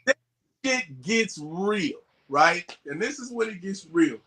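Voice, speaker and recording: A man from the West Coast telling stories as a podcast guest, animated and swearing, acting out the voices he quotes. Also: high-pitched, slow pace. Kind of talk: casual storytelling.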